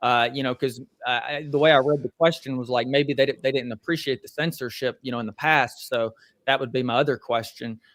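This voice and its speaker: A young man with a Southern American accent from Tennessee, working as an attorney and answering interview questions in a measured, explanatory way. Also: mid-range voice, steady tone, a bit bright, no echo. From Tennessee, USA. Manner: measured, explanatory, with many fillers. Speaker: attorney guest.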